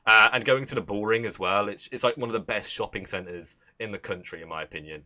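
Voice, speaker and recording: A young man with an English Midlands accent talks loosely to his stream audience, his voice bright and forward. He rambles, swears freely and trips over restarts as he chats. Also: on the low side, fast talker. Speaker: livestream host. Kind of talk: casual livestream chat.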